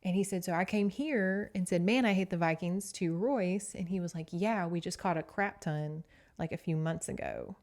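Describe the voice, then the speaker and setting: A woman's voice: on the low side, normal speed, darkish tone. A woman hosting a podcast, casually recapping a novel with sass and swearing. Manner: chatty, sassy, swears freely. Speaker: podcast host.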